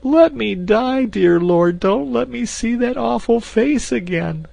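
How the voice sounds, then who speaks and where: A man voicing a terrified, wailing woman servant in a shrill falsetto for an audiobook. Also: animated, slow, gravelly, dark tone, dry recording, exaggerated voice. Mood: wailing terror. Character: frightened plump maid, woman, wailing and easily terrified.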